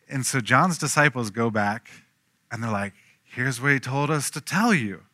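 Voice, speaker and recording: A man preaching a sermon, telling stories with lively acted-out voices and swinging from hushed to loud. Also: medium pitch, dry recording, clean studio sound. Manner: animated storytelling, acting out quoted voices, swinging from hushed to loud. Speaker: pastor.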